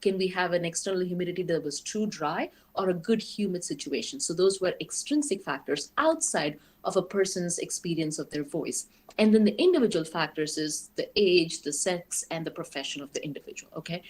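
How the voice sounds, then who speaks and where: A woman with a somewhat low voice lectures on a technical subject. She explains step by step and keeps the listeners engaged with frequent rhetorical questions. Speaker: guest lecturer. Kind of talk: academic lecture.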